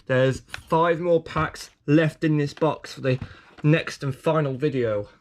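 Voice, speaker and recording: A man's voice: on the high side, slow, a little hiss or hum. A man rambling through a casual toy unboxing, self-mocking and prone to fits of giggling.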